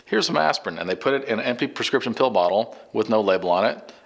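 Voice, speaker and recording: A middle-aged man casually telling a rambling personal anecdote, slipping into quick imitations of the people in it. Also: lowish voice. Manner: rambling, conversational, mimics others' lines. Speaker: storyteller.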